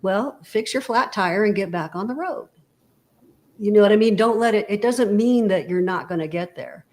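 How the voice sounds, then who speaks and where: In a casual motivational chat on an interview show, a woman guest explains her thinking with everyday analogies and keeps checking in with the listener, saying "you know" often. She talks at a moderate pace in a medium-pitched voice with a darkish tone.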